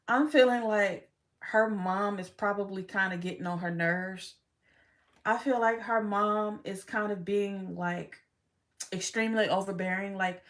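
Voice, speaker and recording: Chatty woman giving a tarot reading. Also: mid-range voice. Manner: chatty, frank, swears freely, laughs often. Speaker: tarot reader. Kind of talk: casual tarot reading vlog.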